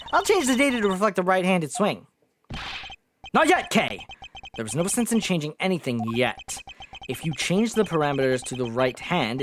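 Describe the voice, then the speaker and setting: Lively woman streamer reading game text. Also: low-pitched, slight background noise. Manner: expressive, lively, joking asides. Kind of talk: reading game dialogue aloud. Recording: game music playing behind.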